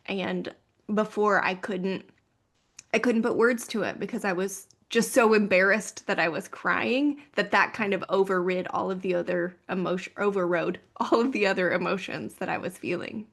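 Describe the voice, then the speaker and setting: A woman coach speaks in a candid podcast conversation with a mid-range voice. She talks openly about personal experience, now and then breaking into a soft laugh. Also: mid-range voice, moderate pace, creaky.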